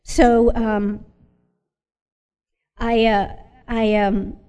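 Halting woman in a reverberant hall. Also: a little high, little pitch movement, mellow, clean tone, muffled recording. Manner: halting, with many pauses and fillers; earnest and reflective. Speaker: Al-Anon member sharing her story. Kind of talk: personal testimony.

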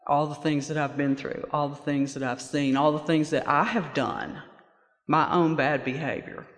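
A woman sharing her personal testimony at a recovery meeting, halting and pausing often with fillers. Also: low voice. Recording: reverberant hall.

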